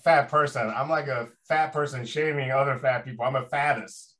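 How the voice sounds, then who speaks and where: Man, podcast co-host, joking, self-mocking, medium pitch. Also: fairly even intonation, normal speed, fairly bright tone. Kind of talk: casual podcast banter.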